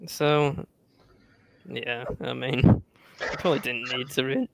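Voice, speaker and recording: A man's voice: mid-range voice, fairly even intonation, slow pace, creaky, background noise. A man co-hosting a casual motorsport chat, laid-back and hesitant, with lots of fillers. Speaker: podcast co-host.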